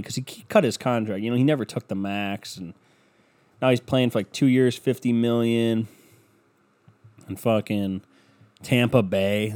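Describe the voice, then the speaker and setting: Profane rambling man, lowish voice. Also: steady tone, unhurried, darkish tone, clean tone. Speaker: podcast host. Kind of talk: casual solo podcast rant. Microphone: computer mic at desk, browsing online maps.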